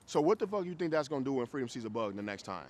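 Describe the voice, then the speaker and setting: A man with a Chicago accent leads a group dog training class, speaking casually and bluntly, swearing and checking that everyone follows along. His voice sits at medium pitch with big swings, and he talks very fast. There's a slight hiss or hum in the recording.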